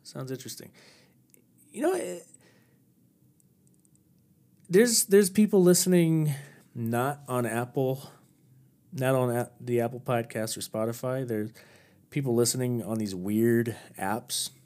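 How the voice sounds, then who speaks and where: A man's voice: medium pitch, unhurried, warm tone. A man hosting his own podcast alone, chatting casually in a rambling, self-deprecating way. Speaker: podcast host. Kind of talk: casual solo podcast chat.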